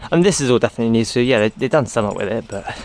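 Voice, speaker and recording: A vlogger walks his dog along a road, rambling casually to a handheld camera and coaxing the dog as he goes. His mid-range voice is slightly mellow, with lively intonation and a very fast pace. The noisy outdoor recording picks up street sounds and the dog.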